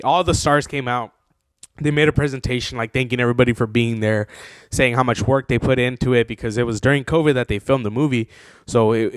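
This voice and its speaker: A young man hosts his own podcast, telling a story in a loose, rambling way packed with fillers. His voice sits in an ordinary middle pitch and gets excitable as he talks. The sound is close and dry, with no room echo. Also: smooth. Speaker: podcast host. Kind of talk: casual storytelling.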